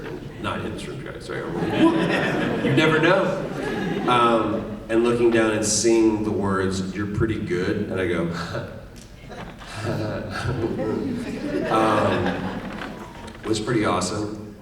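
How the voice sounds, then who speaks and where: Animated man in an echoey convention hall. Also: low voice, a little slow. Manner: animated storyteller, acts out quoted lines. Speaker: panel guest, voice actor. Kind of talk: convention panel talk. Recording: echoey hall, distant mic, faint noise.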